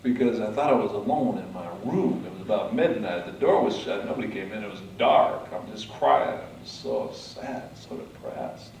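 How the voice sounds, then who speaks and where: A man giving a motivational speech, telling his story dramatically, swinging from hushed to loud. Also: lowish voice, animated, moderate pace, vocal fry, few pauses, distant mic. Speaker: motivational speaker. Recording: echoey hall, mic from afar.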